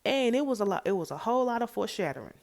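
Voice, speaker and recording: A woman's voice: on the high side, sing-song, rapid-fire, vocal fry, a little mellow. A woman giving a casual, opinionated TV episode recap, chatty and emphatic. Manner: chatty, retells scenes by acting out the characters' lines. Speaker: TV recap vlogger.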